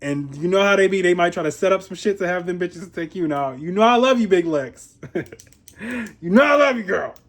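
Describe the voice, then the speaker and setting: A young man from Ohio giving a casual, profane commentary on a reality show. He is chatty, laughs often and makes animated asides. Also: sits high, brisk. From Columbus, Ohio, USA. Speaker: reality TV reviewer.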